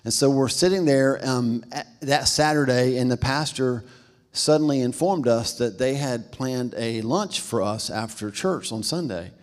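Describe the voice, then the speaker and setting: Pastor telling a story in a reverberant hall. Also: male voice, medium pitch, measured pace. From American South. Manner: storytelling, acts out quoted voices, says "y'all". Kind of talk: sermon with a personal story.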